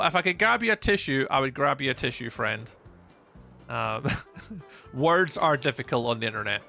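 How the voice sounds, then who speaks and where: A man's voice: fairly high pitch, gravelly, sharp tone. A man from Scotland with a Scottish accent, streaming a game live and chatting easily with viewers, greeting and thanking them by name as he reads their messages aloud.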